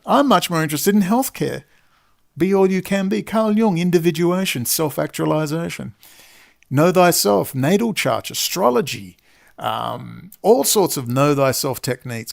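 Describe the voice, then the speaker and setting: Gravelly, ranting commentator man. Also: sits high, lively intonation, normal speed. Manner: ranting, swearing. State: exhausted. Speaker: political commentator. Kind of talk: angry monologue.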